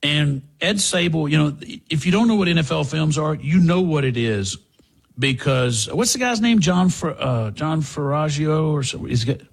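Older male talk host, very husky and gravelly, rambling, slightly high. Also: animated, normal speed. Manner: rambling, with restarts and asides to a co-host. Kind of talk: casual commentary monologue.

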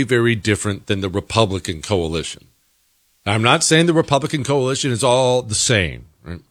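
A man's voice: medium pitch, a bit bright, dry recording, studio quality. A man hosting a political commentary monologue, talking in an opinionated, emphatic way. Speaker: host.

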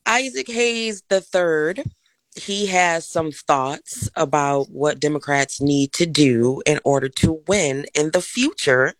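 A woman's voice: deep voice, takes it slowly, dry recording. A woman co-hosting a radio talk show, introducing the next segment in a matter-of-fact way. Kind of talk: casual talk radio chat. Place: radio studio.

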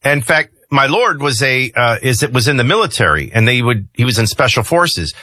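A man's voice: mid-range voice, normal speed, dry recording. A man hosting a morning talk radio show, chatting and joking with a correspondent. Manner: lively, joking, conversational. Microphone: studio microphone.

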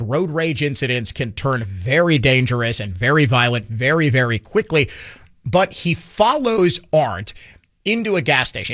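A man's voice: fairly high pitch, a bit bright, no room sound, studio quality. Sardonic male commentary host. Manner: sardonic, indignant, mocking asides. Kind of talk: political commentary.

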